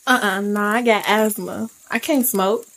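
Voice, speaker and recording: A woman's voice: mid-range voice, measured pace, a bit bright. A woman voicing a terrified teenage girl in an audio drama, speaking in a panicked, pleading way. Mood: reluctant. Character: terrified teenage girl, dead older sister.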